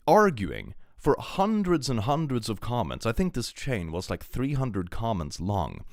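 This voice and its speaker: A man's voice: medium pitch, no room sound, studio quality. A young man from Sweden with a Swedish accent, chatting casually on a live stream and reading out chat, sarcastic and swearing freely.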